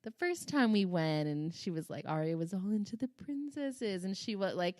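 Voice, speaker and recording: A woman's voice: medium pitch, lively intonation, moderate pace, darkish tone, no room sound, clean studio sound. A woman in her thirties co-hosting a podcast, telling rambling, profane stories in casual chat and laughing often. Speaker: podcast co-host.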